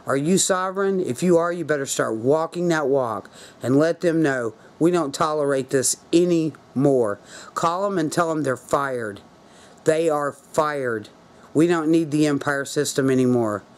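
A man's voice: a little high, a little slow. A man talking to camera in an angry, preachy rant, urging viewers to act. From United States. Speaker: video blogger. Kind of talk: impassioned political rant to camera.

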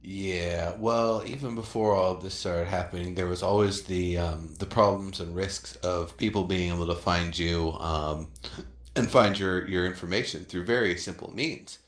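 A man co-hosting a casual podcast, talking in a steady, measured way. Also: deep voice. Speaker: podcast co-host. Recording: roomy echo.

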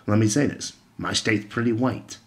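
A man's voice: on the low side, normal speed. A young man giving a casual vlog rant on the news, blunt and sarcastic, swearing freely. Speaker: political commentator.

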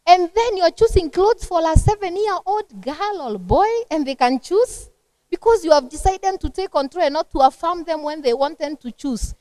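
High-voiced Kenyan woman teaching parents. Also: normal speed, dry recording. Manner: lively, conversational teaching that acts out everyday scenes. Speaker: guest speaker at a church parenting seminar. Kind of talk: seminar talk to a church women's group.

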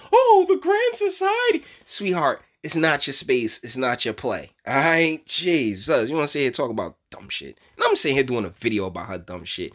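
A man's voice: medium pitch, a bit bright. A man giving casual reaction commentary on a video, blunt and profane, mocking it and often laughing. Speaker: YouTube commentator.

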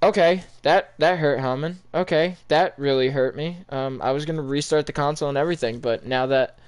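A man's voice: fairly high pitch, brisk, clear, resonant tone. A young man chatting casually over his gameplay, rambling and talking straight to his viewers. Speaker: gaming YouTuber.

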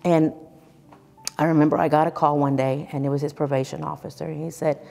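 A woman's voice: low-pitched, flat delivery, a little fast, creaky, dark tone, big-room sound. A woman in her fifties giving an emotional personal testimony, earnest and repeating phrases for emphasis. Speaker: church speaker sharing her testimony.

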